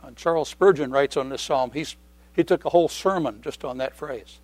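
A middle-aged man preaching a sermon in a conversational way, repeating key phrases and often clearing his throat. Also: on the high side, moderate pace, a little mellow, dry recording.

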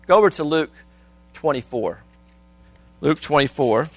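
Man, preacher, sermon, reads scripture aloud, soft then loud, dry close sound. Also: mid-range voice, normal speed, no room sound. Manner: reads scripture aloud, asks the congregation questions; swings between soft and loud.

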